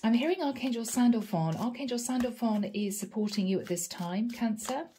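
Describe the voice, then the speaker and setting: A woman's voice: a little high, animated, a little fast, dark tone, slight background noise. A woman giving a chatty channeled tarot reading, thinking aloud and tentative. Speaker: psychic tarot reader.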